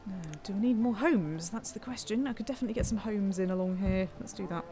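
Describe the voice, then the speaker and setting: A playful, chatty woman, commenting as she builds a town in a live game stream. She thanks viewers, muses aloud and talks to herself, her voice sitting at a middle pitch. Faint music plays behind her. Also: quick pace, mellow.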